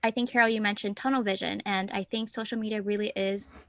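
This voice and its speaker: A woman co-hosts a casual podcast, talking in an animated, thinking-aloud way. Her voice sits in the middle of the range. The sound is dry and close, with no room echo. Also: medium pitch, fast talker. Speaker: podcast co-host. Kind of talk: casual chat.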